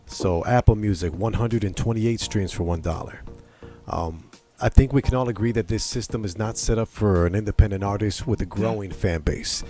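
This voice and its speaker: A male host asking a guest questions, energetic and fond of citing facts and figures. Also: fairly low pitch, moderate pace, faint music behind. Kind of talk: interview questions.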